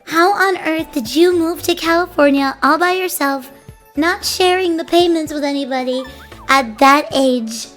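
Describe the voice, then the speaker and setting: A young woman with a high, bright voice chats to her stream audience in a casual, animated way. She giggles often and trips over her words, restarting sentences as she tells the story. Soft music plays underneath. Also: normal speed. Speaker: VTuber streamer.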